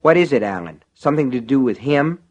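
A man's voice: mid-range voice, lively intonation, brisk, natural voice. A man reading an audiobook, voicing a scrappy, slight male deputy with a growling, combative edge. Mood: tense.

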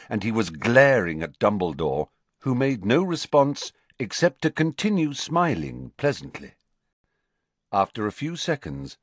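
Male audiobook narrator, low, lively intonation, unhurried. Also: no echo. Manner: slow, expressive storytelling.

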